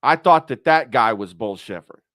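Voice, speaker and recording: A man's voice: mid-range voice, animated, normal speed, a bit bright, dry recording, studio quality. A man hosting his own channel, thinking aloud in a rambling, profane, casual chat. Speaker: YouTube channel host.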